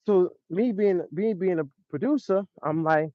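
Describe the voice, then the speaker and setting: A man, a music producer, telling studio stories in a loose, animated way, acting out voices with laughs. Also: fairly high pitch, brisk, dry recording. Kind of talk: casual storytelling. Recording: dull dry sound.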